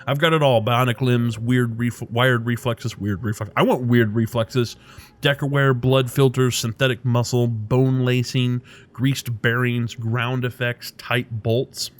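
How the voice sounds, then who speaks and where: A man's voice: medium pitch, level tone, measured pace, natural voice. A man voicing a cheerful, hungover middle-aged male street doctor in a video game, with a loose Midwestern accent and a boisterous, jokey manner. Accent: Midwestern American put on. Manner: boisterous, jokey, words piling together.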